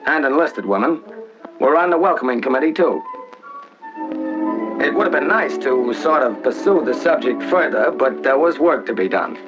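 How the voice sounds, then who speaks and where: A man's voice: medium pitch, expressive, moderate pace. A man narrating a 1940s documentary as one of the flyers, in a wry, folksy, wisecracking manner. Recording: dull 1940s film soundtrack with music.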